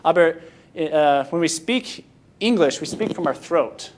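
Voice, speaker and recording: Halting young American man speaking. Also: fairly high pitch, expressive, a little hiss or hum. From Michigan, USA. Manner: halting, with frequent restarts. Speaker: speaker at a Sunday school. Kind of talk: informal talk with questions.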